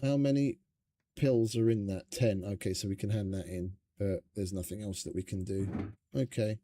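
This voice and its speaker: A man's voice: fairly low pitch, fairly even intonation, moderate pace, mellow. A man streaming a survival game, chatting casually in a rambling, profane, stop-start way. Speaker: gaming streamer. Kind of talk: casual gameplay commentary.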